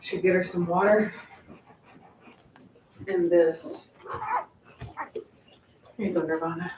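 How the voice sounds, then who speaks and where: A woman's voice: lowish voice, steady tone, slow pace. A woman filming her dog giving birth at home, soothing and cooing to her in a casual way. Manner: soothing, coos to a dog in labor. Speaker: dog breeder filming a whelping. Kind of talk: casual vlog. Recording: echoey room from far off, noisy.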